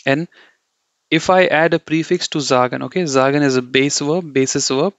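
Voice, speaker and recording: A man's voice: on the high side, normal speed, fairly bright tone, no room sound. A man teaching German grammar in a loose, repetitive way, often checking in with "okay" and correcting himself as he goes. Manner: loose, repetitive, says "okay" and "you know" a lot; corrects himself mid-sentence. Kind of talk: explaining grammar to learners. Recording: dull, dry lo-fi audio.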